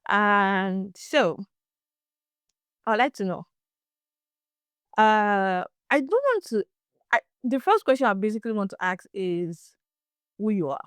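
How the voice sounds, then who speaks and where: A young woman from Nigeria with a Nigerian accent, hosting a podcast and telling a story in casual, animated chat. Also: mid-range voice, slow, pauses often, clear, resonant tone, no room sound, studio quality. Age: young adult. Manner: animated, laughs and restarts often. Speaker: podcast host.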